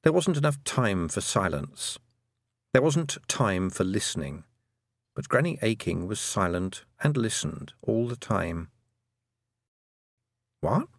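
A man narrating an audiobook with gently wry, unhurried storytelling. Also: on the low side, very animated, no echo, studio quality.

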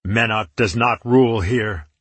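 A man voicing an arrogant, cruel swordsman villain who jeers and growls threats, in a low, husky voice. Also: a little slow, fairly bright tone, dry recording. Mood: menacing. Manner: jeering, menacing.

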